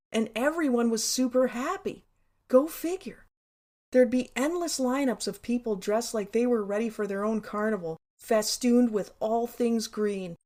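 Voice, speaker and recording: A woman's voice: on the high side, darkish tone. A woman narrating her own memoir in a wry, candid, sarcastic way, with casual swearing.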